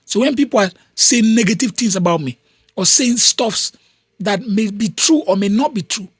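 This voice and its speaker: A man's voice: high voice, expressive, normal speed, slightly rough, no room sound, clean studio sound. A man with a Nigerian accent hosting a podcast, giving an emphatic motivational talk and repeating phrases for weight. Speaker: podcast host.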